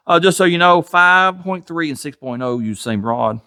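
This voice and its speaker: In his home garage workshop, a Tennessee man with a Southern US accent hosts his garage channel's casual vlog, folksy, chuckling and self-deprecating. His voice is fairly high with lively intonation at a normal speed, over a noisy background.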